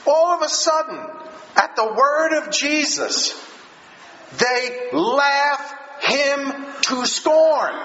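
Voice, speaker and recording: A man preaching a sermon in an earnest, emphatic way, repeating phrases and pausing for effect. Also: extremely high pitch, pushed and bright. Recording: echoey room, dull lo-fi sound with faint hiss.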